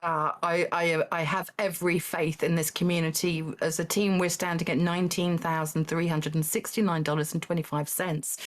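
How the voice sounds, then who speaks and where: A woman hosting a live-streamed game show, talking in a halting way with lots of fillers and small laughs. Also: lowish voice, little pitch movement. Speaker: Taskmaster host.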